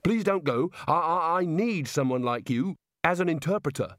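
A man's voice: on the high side, expressive, normal speed, dry recording, studio quality, voice pushed up, close to an everyday voice. A man voicing an anxious, hapless wizard who talks in a nervous, pleading way.

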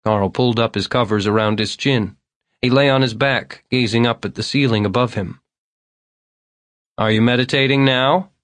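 A man reads an audiobook in a steady, measured voice pitched on the low side. The recording is studio quality with no echo.

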